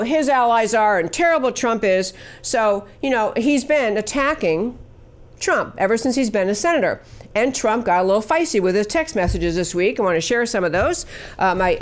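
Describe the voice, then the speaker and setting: A woman hosting a talk show, delivering opinionated political commentary in an emphatic, scornful way with many fillers. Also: medium pitch.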